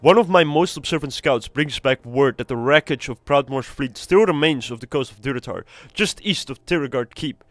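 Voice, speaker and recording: A man's voice: mid-range voice, lively intonation, normal speed, few pauses, dry recording, close to an everyday voice. A man reading aloud the lines of a stern male orc commander from a video game who distrusts humans. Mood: grave. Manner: reading quest text aloud.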